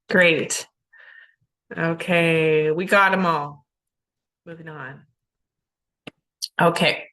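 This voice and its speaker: An ESL teacher leads a phonics drill at a very slow pace in a bright, clear voice of fairly low pitch. She deliberately and carefully sounds out each letter sound and word part one at a time.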